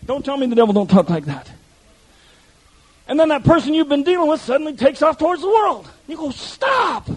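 A man's voice: very high voice, expressive, fairly quick, a little mellow, low-quality recording. A male pastor preaching an impassioned sermon, speaking directly to his congregation.

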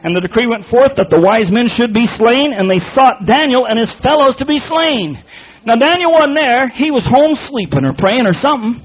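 Husky high-voiced preacher. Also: male voice, lively intonation, highs cut off. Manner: emphatic, folksy, repeats words, quick restarts. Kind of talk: sermon, Bible exposition.

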